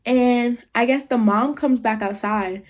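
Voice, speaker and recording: A young woman vlogger runs through a storytime in casual, slang-heavy talk, with "like" in nearly every line. Her voice sits a little high and jumps sharply when she acts out what others said. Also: measured pace. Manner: animated retelling, acts out quotes with big pitch jumps; slangy, filler-heavy, 'like' often.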